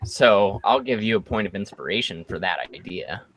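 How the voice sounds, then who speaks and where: A man running a tabletop game as game master, narrating with a hesitant manner and many pauses. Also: fairly low pitch, fairly bright tone, a little hiss or hum.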